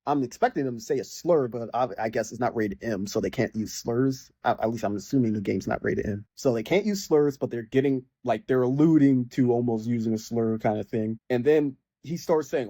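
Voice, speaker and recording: A man's voice: mid-range voice, a little fast, mellow, no room sound. A young man ranting casually about a video game, rambling with lots of fillers and mocking the characters in exasperated bursts. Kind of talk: casual rant.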